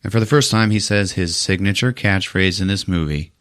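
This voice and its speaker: A man's voice: sits low, fairly quick, fairly bright tone, clean tone. A man hosting a podcast, casually retelling a movie plot with profanity and jumping into silly voices for the characters. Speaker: podcast host. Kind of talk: casual movie recap with acted-out lines.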